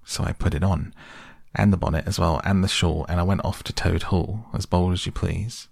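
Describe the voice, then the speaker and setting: A man reading the part of an excitable, cheeky male mole telling a story. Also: low-pitched, moderate pace, creaky, dry recording, studio quality, full character voice. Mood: gleeful. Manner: gleeful, chatty.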